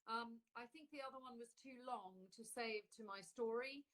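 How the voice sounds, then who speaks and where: A woman's voice: on the high side, a bit bright, rough recording. Chatty woman hosting a live interview. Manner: brisk, chatty, hesitant with fillers. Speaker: interview host. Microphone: mobile phone live stream.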